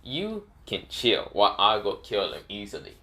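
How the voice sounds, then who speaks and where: A man's voice: fairly low pitch, wildly swooping pitch, normal speed, sharp tone, heavily acted. A man voicing a cocky, laid-back male fighter who talks in an offhand, casual way.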